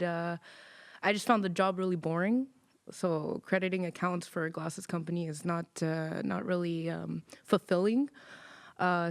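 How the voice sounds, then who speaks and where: Animated woman telling workplace stories. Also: fairly low pitch. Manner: animated storyteller, swears freely, acts out quoted people. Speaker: podcast co-host. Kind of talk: casual chat.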